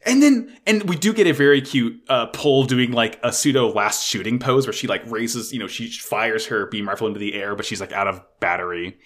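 A man excitedly recapping an anime episode in casual chat, swearing often and gushing like a fan. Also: medium pitch, a little fast, hardly any pauses.

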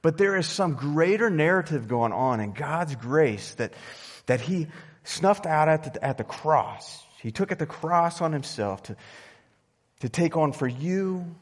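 A male pastor giving a sermon in a conversational storytelling manner, swinging between loud emphasis and soft asides. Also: fairly high pitch, expressive, measured pace, long reverb tail. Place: church sanctuary.

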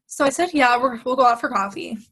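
A woman's voice: a little high, fast, fairly bright tone, slightly rough, low-quality recording. A young woman, a podcast guest, retelling a bad date in casual chat, acting out quoted lines and laughing often.

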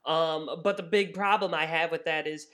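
A man co-hosting a wrestling review podcast in casual, opinionated chat, ranting with animated energy. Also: on the high side, normal speed. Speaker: podcast co-host.

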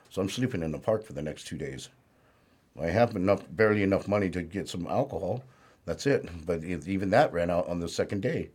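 A man's voice: low voice, darkish tone, slightly rough. A man speaking as an interview guest, telling his life story in a plainspoken, rambling way with lots of "you know".

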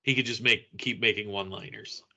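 A man's voice: fairly low pitch, steady tone, brisk, bright, forceful tone. A man in casual podcast chat, rambling a little, laughing often and searching for names as he talks.

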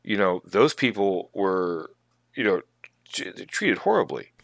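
A man co-hosting a tabletop gaming podcast, talking casually in a halting, thoughtful way with many restarts. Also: low voice, sing-song, vocal fry, fairly bright tone, no room sound. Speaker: podcast co-host. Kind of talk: casual chat.

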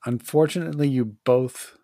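A man's voice: mid-range voice, steady tone, normal speed, dark tone, no room sound, studio quality. A man running a tabletop game as game master, describing scenes and restarting his sentences often.

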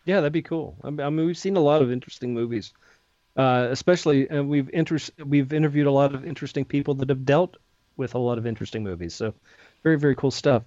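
A man's voice: mid-range voice, quick pace, dark tone, no room sound, lo-fi sound. A man co-hosting a podcast, rambling through crude jokes and laughing often in casual banter. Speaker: podcast co-host.

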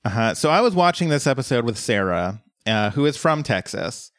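A man's voice: medium pitch, very animated, normal speed, fairly bright tone, dry recording, clean studio sound. A man from Colorado co-hosting a casual show recap, full of fillers and restarts, self-deprecating. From Colorado, USA. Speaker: podcast co-host. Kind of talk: casual episode recap chat.

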